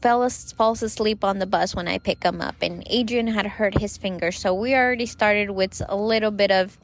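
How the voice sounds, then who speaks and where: Woman host in her thirties, casual advice podcast, chatty, lots of fillers, mid pitch. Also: normal speed. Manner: chatty, many "you know" fillers.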